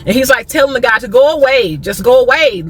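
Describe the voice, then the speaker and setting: A young American woman vlogger telling a story in a sassy, animated way, acting out what people said. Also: high-pitched, fast talker, slight background noise. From United States. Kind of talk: storytime vlog.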